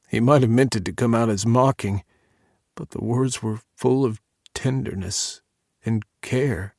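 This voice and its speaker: A man narrating a first-person audiobook in a measured, intimate reading on a close studio mic. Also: mid-range voice, creaky, darkish tone, no echo.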